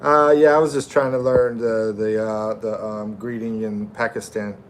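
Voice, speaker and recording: A man's voice: fairly low pitch, flat delivery, slight background noise. A middle-aged man from the United States hosting a casual livestream, reading viewers' comments aloud and chatting in a friendly way. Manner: slow, friendly, reads viewer names aloud. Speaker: livestream host.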